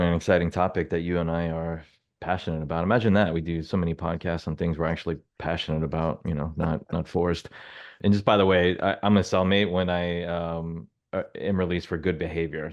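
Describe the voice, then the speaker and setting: A man's voice: deep voice, steady tone, fairly quick, lo-fi sound. A man co-hosting a business podcast, chatting casually with self-deprecating humor and lots of fillers. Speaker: podcast co-host.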